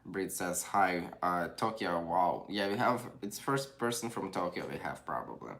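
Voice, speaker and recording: A man's voice: low voice, animated, normal speed, fairly bright tone, slight background noise. A young man with a Ukrainian accent, chatting casually on a livestream and reading viewer comments aloud. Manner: chatty, reads comments aloud, non-native phrasing. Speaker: livestream host.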